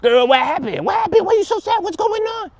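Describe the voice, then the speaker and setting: Man putting on a high squeaky voice, sassy AI helper, nosy, fussing. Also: very animated, brisk, gravelly, darkish tone, no echo, full character voice. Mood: prying. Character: sassy slangy AI assistant, high-pitched.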